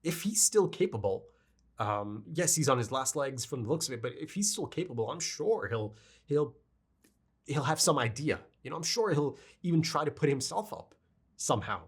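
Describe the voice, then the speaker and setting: A man's voice: medium pitch, very animated, moderate pace, husky. A man giving an emotional, rambling review of an anime episode, choked up and often checking in with his listeners. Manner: emotional, rambling, fond of asking "right?". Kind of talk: casual review monologue.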